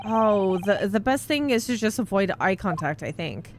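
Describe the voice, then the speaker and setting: A woman's voice: mid-range voice, lively intonation, normal speed, few pauses, slight background noise. A woman streaming a game, chatting in an amused way and reacting aloud as she plays. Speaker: VTuber streamer. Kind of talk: casual gameplay commentary.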